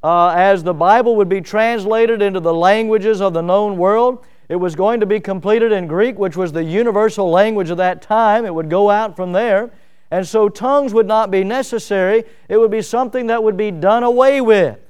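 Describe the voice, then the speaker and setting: Man preaching, high voice, smooth and resonant, folksy and animated. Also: moderate pace. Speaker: pastor. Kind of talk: sermon.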